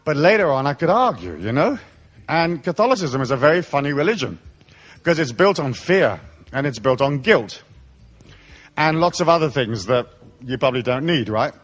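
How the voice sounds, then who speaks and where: A middle-aged man from Africa addresses a live seminar audience with profane, sardonic humour. His voice sits a touch high and swings widely in pitch as he tells comic stories. He sounds irreverent and mocking throughout. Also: big pitch swings, moderate pace, highs cut off. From raised in Africa, born in England. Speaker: seminar speaker.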